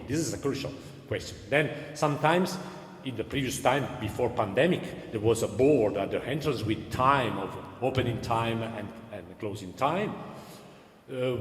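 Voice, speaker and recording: A man hosting a panel discussion in earnest, repetitive speech with non-native phrasing. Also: medium pitch. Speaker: Dominican cultural center host. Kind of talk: panel moderation. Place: church. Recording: echoey church hall with long reverb.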